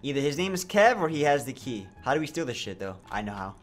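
A young man giving comedic, joking commentary over a video game, often breaking into loud sworn outbursts. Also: mid-range voice, big pitch swings, fast talker, faint music behind. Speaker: gaming YouTuber.

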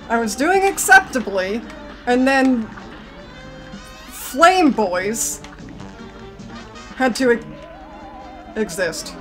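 Female let's-play commentator, higher voice, irritated grumbling with flare-ups, soft game music underneath. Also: sing-song, very slow, pauses often. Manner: exasperated, grumbling, swings to outbursts. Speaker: gaming commentator.

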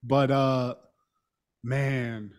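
A man's voice: mid-range voice, extremely slow. A man co-hosting a podcast, casually retelling a TV episode and slipping into the characters' lines, with some mild swearing. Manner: relaxed storytelling, quoting characters, mild swearing. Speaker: podcast co-host. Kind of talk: casual chat recapping a TV episode.

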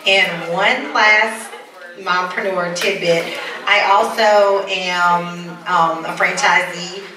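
A woman's voice: on the low side, fairly even intonation, slow pace, sharp tone. A woman from Mississippi introducing herself on a panel, upbeat and promotional. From Vicksburg, Mississippi. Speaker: panelist, blogger. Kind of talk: panel discussion. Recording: echoey room, crowd noise, far mic.

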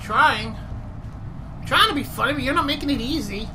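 A woman's voice: high-pitched, normal speed, bright, forceful tone, slight background noise. A woman watching a horror game being played, commenting with teasing, dry jokes. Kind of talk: let's play commentary.

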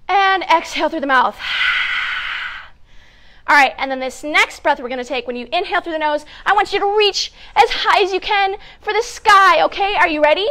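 A woman's voice: high voice, moderate pace, bright, forceful tone. A woman hosting a children's story time as a family educator, giving upbeat, encouraging instructions and laughing often. She sits on a hard floor wearing a clip-on mic. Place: sitting on a hard floor indoors. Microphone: clip-on mic with wires.

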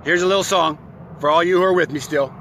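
A man's voice: on the high side, fairly even intonation, fast talker, pushed and bright, slight background noise. A man hosting a live stream for his online community, talking to followers in a playful, exuberant, rambling way and breaking into silly songs. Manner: rambling, many restarts, greets viewers by name. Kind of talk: live-stream chat to followers with sung bits.

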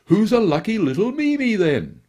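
Brief: a flustered, cooing portly gentleman from a read-aloud story, high and sing-song, voiced by a male narrator. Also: sing-song, normal speed. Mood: cooing doting. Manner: doting baby-talk cooing. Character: fussy portly man cooing over his lapdog.

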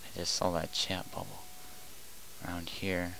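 Young man yelling over a game. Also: low voice, monotone, measured pace, vocal fry, background noise. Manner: jumps between quiet muttering and loud panicked yelling. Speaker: gaming commentator. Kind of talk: excited gameplay commentary.

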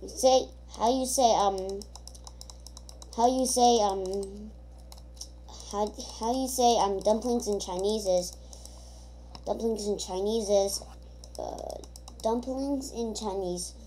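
Woman gamer, mellow tone, casual rambling commentary full of ums and restarts. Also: medium pitch, slow, pauses often, slight background noise. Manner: rambling, thinking aloud with many hesitations.

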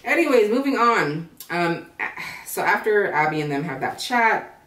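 A woman's voice: medium pitch, sing-song, unhurried, fairly bright tone. A woman recapping a reality show in blunt, profane casual commentary, sounding tired and drowsy. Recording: roomy echo, voice far from mic.

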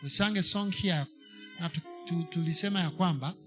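Bright, high-voiced Kenyan man preaching. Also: a little fast, faint music behind. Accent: Kenyan English. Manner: preaching to a congregation, switching into Swahili, emphatic repetition. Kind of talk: sermon.

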